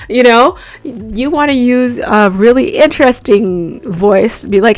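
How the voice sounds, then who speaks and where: A young woman giving voice and microphone tips in a casual, chatty vlog, talking in an animated way with lots of likes and you-knows. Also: fairly high pitch, unhurried, hardly any pauses. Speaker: voice-over and radio host giving tips.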